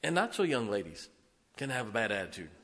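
A middle-aged man preaching a sermon as pastor. He swings between loud, emphatic lines and quiet, confiding asides, chuckling often. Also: on the low side, very animated, fast, long reverb tail. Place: church sanctuary.

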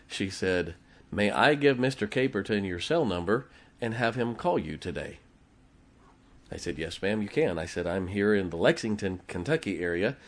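A man, a pastor, preaching a sermon in a folksy storytelling way, acting out quoted conversations. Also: on the low side.

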